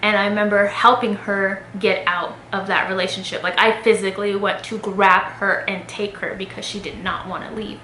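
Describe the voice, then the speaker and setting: A woman's voice: medium pitch, little pitch movement, normal speed, hardly any pauses, bright, forceful tone. A young adult woman vlogger telling a personal story to her viewers in a candid, conversational way, full of fillers. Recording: echoey room with faint noise.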